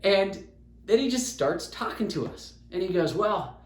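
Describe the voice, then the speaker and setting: A young man from Utah, hosting a podcast and telling a story in a casual, animated way, acting out the quotes. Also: high-pitched, moderate pace. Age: young adult. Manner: animated, chatty, acts out quotes. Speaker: podcast host. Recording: roomy echo.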